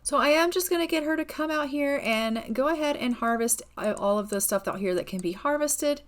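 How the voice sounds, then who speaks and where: A woman's voice: high-pitched, a little fast. Chatty woman narrating gameplay. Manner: chatty, narrates and voices the characters. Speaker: gameplay video creator. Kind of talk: casual gameplay commentary.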